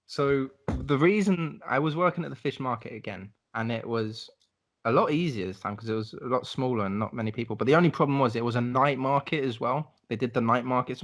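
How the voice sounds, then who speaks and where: A man's voice: mid-range voice, a bit bright. Laid-back young man telling travel stories. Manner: laid-back storytelling, swearing, acts out voices. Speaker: podcast co-host. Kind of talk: casual chat.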